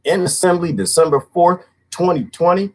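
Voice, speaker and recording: A man's voice: high voice, normal speed. A middle-aged man hosting a casual livestream, reading comments aloud and talking straight to his viewers. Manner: animated, talks to viewers and reads comments aloud. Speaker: livestream host.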